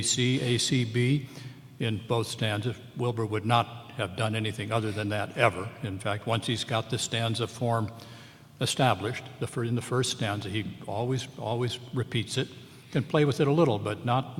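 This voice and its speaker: A man, an English professor on a memorial panel, giving a measured close reading of a poem and slowing down to sound out lines of verse. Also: mid-range voice. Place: large lecture hall at a memorial event. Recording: long hall reverb.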